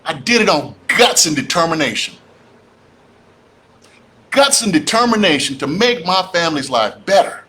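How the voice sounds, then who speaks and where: On a livestream about real estate, a real estate investor speaker with a somewhat high voice talks at a moderate pace with long pauses. Fired-up and preachy, he animatedly addresses his audience as y'all.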